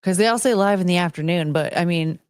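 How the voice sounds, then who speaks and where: A woman's voice: lowish voice, fast, clean tone, no room sound, studio quality. Chatty woman hosting a live stream. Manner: rambling, chatty, greets chat viewers by name. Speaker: livestream host. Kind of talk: casual live-stream chat.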